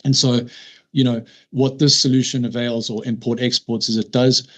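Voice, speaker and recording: A man from South Africa presenting an application at a formal public hearing. His voice sits at a middle pitch, and he speaks in a measured way, often pausing on fillers and stumbling over and restarting words as he goes. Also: level tone, a bit bright.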